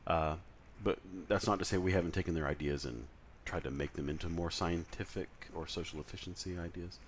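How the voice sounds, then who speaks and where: A man's voice: sits low, fairly even intonation, brisk, a little hiss or hum. A man lecturing in a conversational way, with frequent fillers and self-corrections. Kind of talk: recorded lecture.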